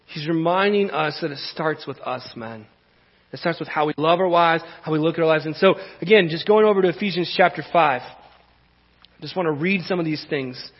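Male pastor, high husky voice, chatty animated sermon, long church reverb on a dull recording. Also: moderate pace. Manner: conversational, animated preaching with repetitions.

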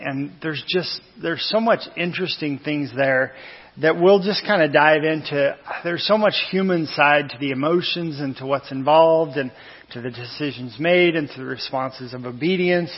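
A man's voice: a little high, moderate pace, breathy edge. A man giving an informal sermon in a church, talking in a conversational, rambling way with asides and self-corrections. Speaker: lay preacher. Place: church sanctuary. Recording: echoey church hall, dull lo-fi sound.

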